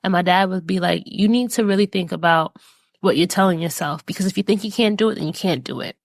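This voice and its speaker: A woman's voice: fairly low pitch, fast talker, dry recording. A woman hosting a podcast, talking earnestly and encouragingly about life lessons, with casual fillers. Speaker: podcast host. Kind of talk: reflective personal talk.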